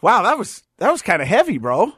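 A man's voice: high-pitched, huge pitch swings, a little fast, husky, no echo, studio quality. Middle-aged man telling stories on a podcast. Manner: storytelling, warm-hearted, says "you know" a lot. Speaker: podcast co-host. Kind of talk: casual chat.

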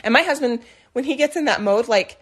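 A young woman with a slightly high voice tells a story on a chatty podcast. She acts out every quote with big swings in her delivery. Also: a little fast, breathy edge. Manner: animated storyteller acting out quotes. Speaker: podcast co-host. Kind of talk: casual storytelling chat.

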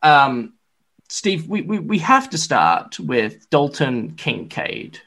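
A man's voice: a little high, slow. A man hosting a sports podcast, talking casually with lots of fillers and restarts. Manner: lively, filler-heavy, chatty. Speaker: podcast host.

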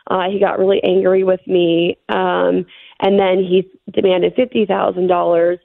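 A middle-aged woman being interviewed, recounting a frightening experience in a shaken, halting way with many fillers. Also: lowish voice, level tone, vocal fry, no room sound. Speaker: interview guest. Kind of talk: telling a personal story. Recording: phone-line interview audio.

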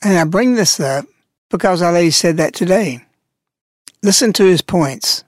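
A woman narrating a devotional reflection in a measured, thoughtful reading. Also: on the low side, animated, no room sound, clean studio sound.

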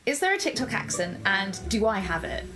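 A woman reading a news item aloud in a measured, steady delivery. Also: mid-range voice, over music. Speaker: news segment reader.

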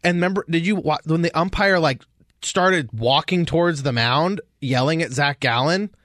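In a clean studio recording free of room sound, a male co-host of a relaxed sports podcast talks at a moderate pace in a fairly high voice. He's an animated storyteller who acts out quotes.

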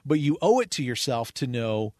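A man's voice: mid-range voice, very animated, normal speed, a little mellow, no echo, clean studio sound. A man in his forties, a pastor co-hosting a radio talk show, speaking earnestly and often repeating words as he starts a thought.

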